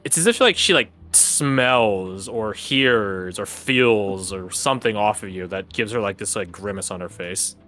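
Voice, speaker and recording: A man's voice: fairly low pitch, measured pace, hardly any pauses, pushed and bright, soft background music. A man narrating as game master of a tabletop game in a casual, laughing manner and swearing freely.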